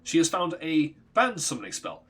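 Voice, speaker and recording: A man's voice: fairly high pitch, very animated, moderate pace, fairly bright tone, husky. A man streaming a game, telling a story in a rambling, casual way, swearing and laughing often. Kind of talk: casual story narration while gaming.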